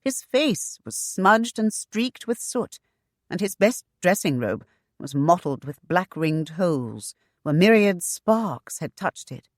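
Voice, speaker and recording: Slow, low-voiced woman narrator. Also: sing-song, no room sound, studio quality. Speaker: audiobook narrator. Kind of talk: scripted narration.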